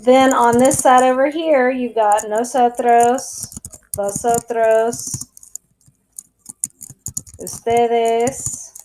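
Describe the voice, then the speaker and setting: A woman with a fairly high voice teaches a recorded lesson. She speaks slowly and spells things out, direct and brisk in tone, with now and then a dry joke. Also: darkish tone, a little hiss or hum, poor audio. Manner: brisk, direct, lightly joking. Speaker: Spanish teacher.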